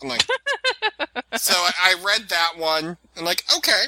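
Rambling laughing American man, lively pitch. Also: slow, no echo, poor audio. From United States. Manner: rambling, laughs often, self-deprecating. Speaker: podcast host. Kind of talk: casual group chat.

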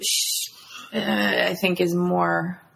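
A woman in a casual chat who talks eagerly about her favorite scenes and is quick to correct. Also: fairly low pitch, steady tone, creaky, fairly bright tone.

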